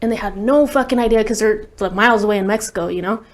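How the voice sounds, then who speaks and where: A woman's voice: mid-range voice, fast talker. A woman guest on an interview show, telling a personal story candidly and bluntly, swearing freely and saying "like" often. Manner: blunt, profane, heavy use of "like". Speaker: guest recording artist.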